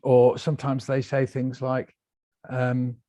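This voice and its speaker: A British man, a guest author, telling his story in a lively interview and acting out the voices he quotes. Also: medium pitch, slow, dry recording. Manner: animated, acts out quoted voices.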